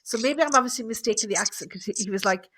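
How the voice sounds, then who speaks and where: A woman's voice: medium pitch, very fast, fairly bright tone. A woman working as a medium, talking through a live reading with a caller in a chatty, reassuring way full of fillers. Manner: chatty, reassuring, thinks aloud with many fillers.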